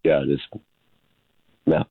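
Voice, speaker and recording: A man, calling in to a sports talk show and speaking hesitantly with many pauses. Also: no room sound. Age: 30s. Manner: hesitant, halting, full of pauses. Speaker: caller. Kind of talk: call-in radio chat. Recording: tinny phone line.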